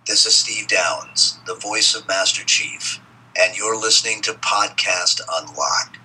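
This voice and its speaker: A man giving a dramatic show intro in a deep, husky, slow and weighty voice. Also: sharp tone, rough recording. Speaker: guest announcer.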